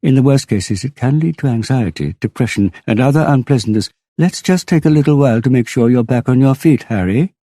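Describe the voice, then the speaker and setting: Audiobook: man reading a slow, calm therapist, pitched a bit above his deep voice, dry close sound. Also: dry recording, close to an everyday voice. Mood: insistent. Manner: slow, calm, gently insistent. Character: calm male hypnotherapist, slow and soothing.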